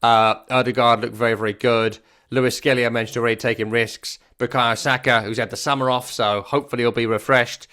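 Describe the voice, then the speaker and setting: A man in a casual football podcast, reviewing a match in an animated, wry way. His voice sits at an ordinary middle pitch, and he often repeats a phrase for emphasis. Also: a little fast. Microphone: works regularly on a microphone.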